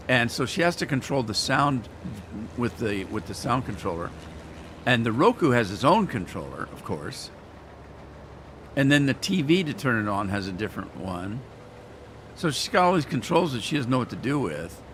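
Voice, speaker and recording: A man's voice: mid-range voice, very animated, moderate pace, long pauses, a bit bright, slight background noise. A man hosting a gaming channel, chatting casually and rambling in a folksy way while he plays. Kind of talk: casual let's-play commentary.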